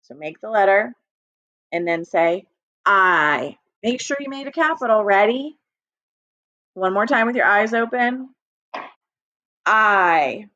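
Patient woman teacher for a kids' reading lesson, unhurried and encouraging, dull dry home recording. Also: medium pitch, bright, forceful tone, no room sound. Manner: slow, patient, encouraging, speaks directly to students. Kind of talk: recorded early-reading lesson for young children. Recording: dry, slightly dull lo-fi audio.

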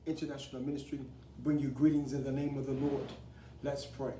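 A man preaching a broadcast sermon as an apostle, leading call-and-response and building to fervent, shouted declarations. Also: mid-range voice, flat delivery, brisk. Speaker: apostle and pastor. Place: studio desk setting. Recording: roomy echo, distant mic, faint hiss.

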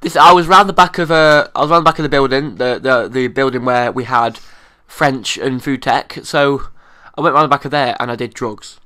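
A man telling a jokey story on a comedy podcast in a bright, crisp voice at an even pitch. He talks bluntly and teasingly and breaks into sudden outbursts. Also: moderate pace, hardly any pauses.

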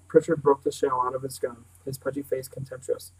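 A man's voice: mid-range voice, level tone, fairly quick, few pauses, a little mellow, slightly rough, low-quality recording. A man reading a novel aloud as narrator, now and then stumbling and restarting words. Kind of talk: audiobook reading.

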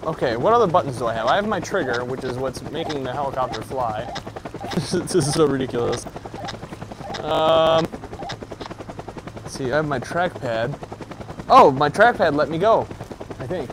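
A young man giving casual, excitable commentary as he plays a VR game, joking, swearing and yelling at the game. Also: a little high, fairly quick, background noise. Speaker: gaming YouTuber.

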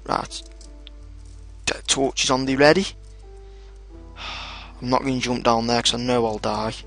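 A young man giving casual commentary over his own gameplay, excitable and swearing often, shouting at his in-game dogs. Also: mid-range voice, unhurried, faint music behind. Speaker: gaming video host. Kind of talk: casual let's play commentary.

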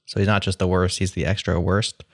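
Man, podcast host, wry humor, lower voice, dead dry sound. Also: level tone, fairly quick, no room sound. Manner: dry, wry, steering the conversation. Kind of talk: casual chat.

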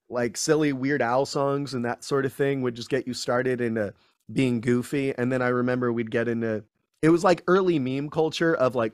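A man, a guest actor, chatting casually in an interview and acting out quotes with lively voices. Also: mid-range voice, clean tone, no echo, studio quality. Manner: animated storyteller, acts out quotes in voices.

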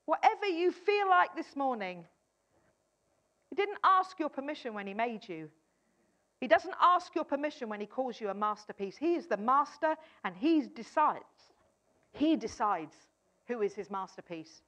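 A woman's voice: sits high, sing-song, normal speed, a bit bright. A woman preaching a sermon, emphatic, often repeating her key phrases and acting out a doubter's replies.

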